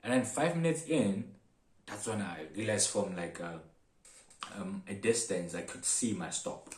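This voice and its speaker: A young man from Africa tells a personal story in a relaxed, lively way, acting out the people in it as he goes. His voice sits a bit low, and the room around him is echoey. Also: a little slow, a little hiss or hum. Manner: animated, acts out other people's lines with laughs. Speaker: vlogger. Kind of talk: casual storytelling. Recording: roomy echo.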